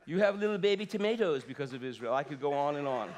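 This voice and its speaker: A man in his fifties preaching a sermon in a church, swinging from loud exclamations to soft asides. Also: a little high, expressive, quick pace, slight background noise. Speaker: pastor. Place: church sanctuary.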